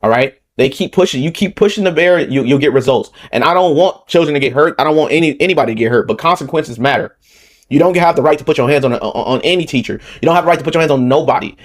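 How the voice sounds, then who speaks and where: A man's voice: on the high side, quick pace. Heated man ranting in reaction commentary. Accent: Southern Californian. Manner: heated, repetitive, rhetorical questions with frequent "okay?". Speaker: political commentary channel host.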